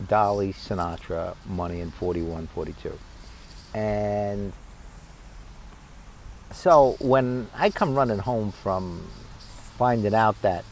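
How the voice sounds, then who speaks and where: A man, telling a funny personal story in a lively, salty, conversational way. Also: fairly low pitch, slight background noise, low-quality recording. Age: 60s. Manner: animated, conversational, profane.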